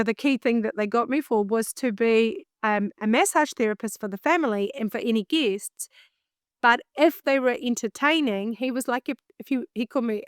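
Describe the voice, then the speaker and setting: A woman with a New Zealand accent telling a story in a casual interview, lively and acting out her own past thoughts. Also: on the high side, dry recording, clean studio sound. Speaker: guest, singer and vocal coach.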